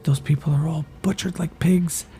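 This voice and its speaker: A frantic young fighter, missing an arm, blurts out curses and tumbling repeats, as a man puts him on. The voice jumps well above the narrator's own and keeps a gravelly crackle. Faint music sits under the tabletop game. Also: fairly high pitch, fairly even intonation, moderate pace, warm tone, pitched above the performer's own voice, heavily acted. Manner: frantic, swearing, stammering repeats. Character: panicked skinny young man, wounded, cursing.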